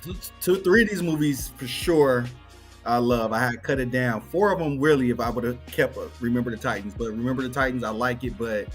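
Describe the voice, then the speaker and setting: A man's voice: mid-range voice, a little fast. A man co-hosting a sports show, rambling casually with many restarts as he talks about the movies he loves. Music plays faintly underneath. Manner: rambling, full of restarts, laughs easily.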